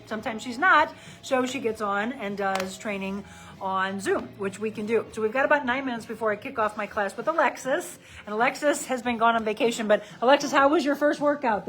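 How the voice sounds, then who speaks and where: A woman's voice: a little high, fast, fairly bright tone, rough recording. A middle-aged woman from the St. Louis area, a personal trainer chatting casually on a live stream while she demonstrates exercises. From St. Louis area, Missouri. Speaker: personal trainer and life coach.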